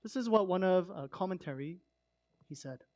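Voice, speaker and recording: Guy preaching, pretty high voice, chatty and punchy, drops to near quiet sometimes. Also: animated, normal speed. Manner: conversational, emphatic with swings from loud to hushed. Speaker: pastor. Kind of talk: sermon.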